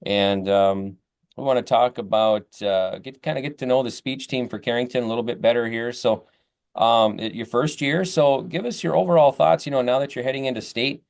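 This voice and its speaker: A man's voice: mid-range voice, moderate pace, vocal fry, a little mellow. A man hosting a local interview in a folksy way, with many fillers. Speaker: radio host. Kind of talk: interviewing students.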